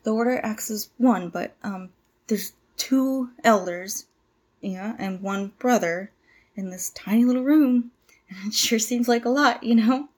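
A woman's voice: a little high, a little slow. A woman in her twenties playing a nervous young cult initiate who stammers, apologizes and tries hard to please. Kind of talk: audio drama monologue.

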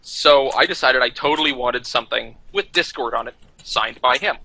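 A man casually telling a funny anecdote, animated and quick to quote others. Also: mid-range voice, gravelly, low-quality recording. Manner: animated, quoting others in funny put-on voices. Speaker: storyteller.

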